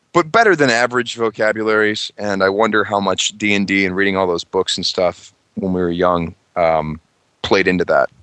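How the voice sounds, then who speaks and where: Man, podcast chat, bright tone, dry close mic, rambling, joking, laughs easily. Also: lowish voice, no room sound. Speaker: tabletop game master on a gaming podcast.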